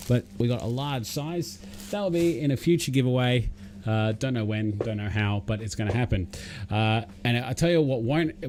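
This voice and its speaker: A man's voice: medium pitch, warm tone, slight background noise. Rambling Australian man streaming live. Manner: rambling, chatty, reads out viewer names. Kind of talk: casual live-stream chat.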